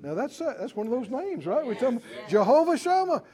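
A man preaching a sermon, animated and acting out Bible figures with chuckles. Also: extremely high pitch, fast talker.

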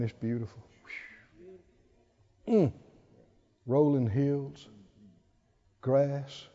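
A man's voice: fairly high pitch, dark tone. An older man preaching a sermon in an emphatic, folksy way with bits of humor, on a slightly dull lo-fi recording. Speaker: pastor.

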